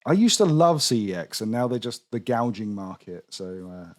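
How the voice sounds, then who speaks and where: A man's voice: lowish voice, sing-song, moderate pace. A man with a southern English accent hosting a gaming podcast, chatting and reading out listener messages. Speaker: podcast host. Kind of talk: casual chat.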